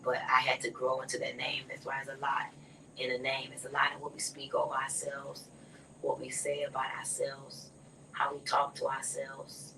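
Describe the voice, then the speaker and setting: A woman telling a personal story in a casual conversation, often dropping to a soft near whisper. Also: rumbling low, monotone, normal speed, creaky, far from the mic, noisy background.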